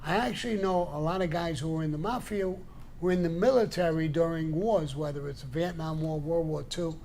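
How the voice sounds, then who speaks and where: A man's voice: a little high, a little fast, a little mellow, slight background noise. An older man telling stories in a blunt, profane way and acting out the people in them, on a casual live show. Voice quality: gravelly. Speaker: show guest storyteller. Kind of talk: casual storytelling.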